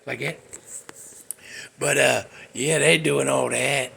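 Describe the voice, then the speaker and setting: A man's voice: a little high, steady tone, slow pace, creaky, long pauses, a bit bright, a little hiss or hum. A man hosting a casual, rambling talk about movies, with a folksy manner. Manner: rambling, folksy, puts on voices for characters. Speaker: host.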